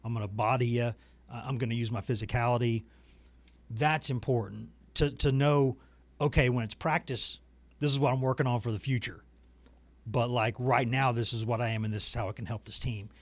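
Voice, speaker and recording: A man's voice: medium pitch, steady tone, fairly quick, no room sound. Chatty man in a dry studio. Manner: chatty, rambling, self-deprecating humor. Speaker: sports reporter and show host. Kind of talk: casual sports talk. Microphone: desk microphone.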